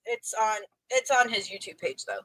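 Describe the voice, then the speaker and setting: A woman co-hosting a podcast in casual chat, upbeat and quick to laugh. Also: medium pitch, sing-song, sharp tone, dry recording. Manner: chatty, laughs easily, upbeat. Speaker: podcast co-host.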